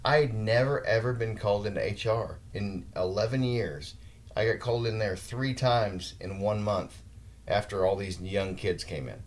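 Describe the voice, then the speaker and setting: A man's voice: on the low side, moderate pace. A man in his forties hosting a podcast, telling rambling work anecdotes in casual chat with some mild swearing. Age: 40s. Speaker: podcast host.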